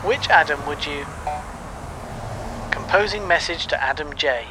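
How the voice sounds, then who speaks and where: A man's voice: fairly high pitch, unhurried, background noise, lightly acted. A man voicing a polite male phone voice assistant who keeps mishearing, in a comedy sketch. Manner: polite, flat and even like a machine.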